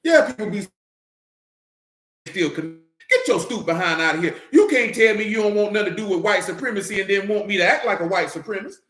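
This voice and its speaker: A man's voice: high voice, expressive, brisk, a bit bright. A man preaching in a casual, blunt way, with profanity and jokes mixed into his teaching. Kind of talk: casual sermon-style teaching. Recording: roomy echo.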